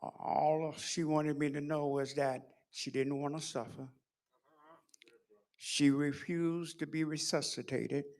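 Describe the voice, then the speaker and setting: A middle-aged man giving a sermon in a preaching cadence, moving from hushed storytelling to shouted peaks. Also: fairly high pitch, steady tone, slow. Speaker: pastor.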